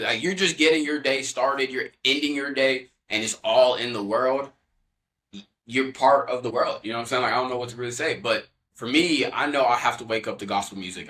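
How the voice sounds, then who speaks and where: Young male guest, bright and punchy, earnest casual testimony with lots of fillers. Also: mid-range voice. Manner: earnest, loose, heavy on "you know" fillers. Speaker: podcast guest.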